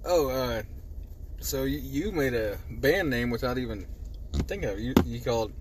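Mid-pitched male co-host who laughs easily and keeps the casual talk moving. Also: lively intonation, moderate pace, slight background noise. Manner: laughs often, steers the talk. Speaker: podcast co-host. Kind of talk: casual chat.

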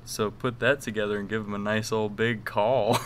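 A man's voice: lowish voice, level tone, moderate pace, fairly bright tone, a little hiss or hum. A young man co-hosting a podcast, rambling through crude, joking stories with lots of fillers. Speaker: podcast co-host. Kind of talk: casual chat.

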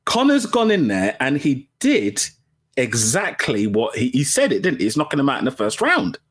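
A man hosting a casual solo boxing podcast, chatty and self-mocking. He drops into low mumbles and then jumps up into loud, high bursts. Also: wildly swooping pitch, moderate pace, husky. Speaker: podcast host. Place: at home, sitting under a blanket. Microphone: home podcast mic.

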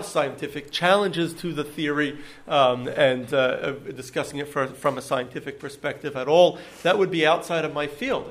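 A man's voice: fairly high pitch, fairly bright tone. Man lecturing with frequent ums. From United States. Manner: hesitant, many ums and restarts. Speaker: lecturer on Judaism. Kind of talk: public lecture to an audience.

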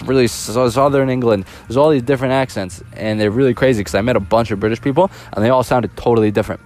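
A man's voice: fairly low pitch, darkish tone. A young man telling a personal story in a casual storytime monologue, animatedly acting out the quoted dialogue. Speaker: vlogger.

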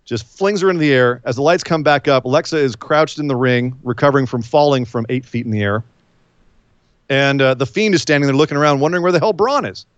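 Man, podcast co-host, casual recap, lively storytelling, dry close sound. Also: medium pitch, quick pace, clean tone, no echo, highs cut off. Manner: animated storytelling with quoted voices. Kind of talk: casual wrestling recap chat.

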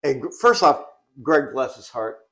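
A man co-hosting a family podcast, telling funny stories in a lively, casual way and often cracking up as he talks. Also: mid-range voice, normal speed. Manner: animated storyteller who breaks into laughter. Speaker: podcast co-host.

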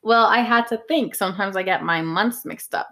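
A woman's voice: mid-range voice, moderate pace, pushed and bright. A young woman in her twenties with a teasing, sarcastic, giggly manner, co-hosting a casual podcast chat as the daughter.

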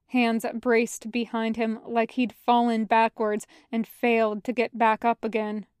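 A woman reading a fan fiction story aloud as a podfic, in a measured storytelling way. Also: on the high side, darkish tone, smooth, no echo, studio quality. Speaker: podfic reader. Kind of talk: audiobook narration of fan fiction.

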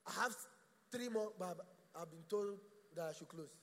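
A man's voice: high-pitched, normal speed, fairly bright tone. A man preaching a sermon in church. He asks rhetorical questions and stammers through restarts. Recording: echoey church hall.

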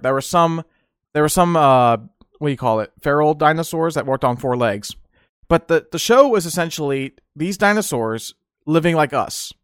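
A man with a slightly high, smooth voice hosts a casual podcast, drifting through nostalgic memories with plenty of laughter and fillers. He's a streamer, and the audio is studio quality without echo.

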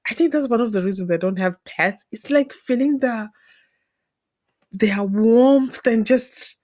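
A woman in her thirties from Zimbabwe, hosting a podcast and telling personal stories in a casual, animated way, laughing often. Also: a little slow, no echo, studio quality. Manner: animated, laughs often, acts out scenes with pitch jumps. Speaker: podcast host. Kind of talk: casual storytelling monologue.

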